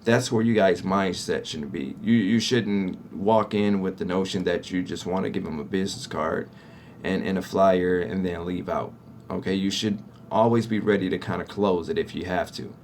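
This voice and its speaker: A man's voice: deep voice, moderate pace, a little mellow, a little hiss or hum. A man who runs a cleaning company, talking conversationally to viewers about winning contracts and often checking in with "right?". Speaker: business owner teaching sales to cleaning-company owners. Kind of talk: casual instructional talk to viewers.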